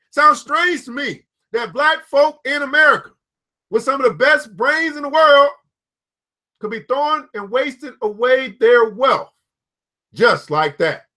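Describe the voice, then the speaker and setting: A man with a strikingly high, bright, forceful voice reads from a book and comments between passages. He is excitable and often breaks into whoops and laughter. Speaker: book reader and host. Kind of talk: reading a book aloud with commentary.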